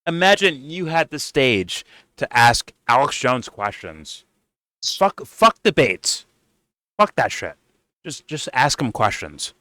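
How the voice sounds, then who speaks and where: A man with a bright, forceful voice rants in a profane, exasperated way as he reacts to a video. He is recorded dry and close. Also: medium pitch, sing-song, takes it slowly, no room sound. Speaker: host reacting to a debate. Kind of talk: reaction commentary.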